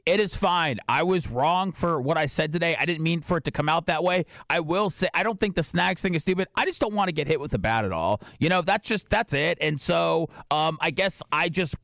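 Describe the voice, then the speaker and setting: Fast-talking, apologetic man. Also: a little high, expressive, creaky, fairly bright tone, no room sound, studio quality. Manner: apologetic, halting, restarts often. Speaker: podcast co-host. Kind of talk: casual podcast talk.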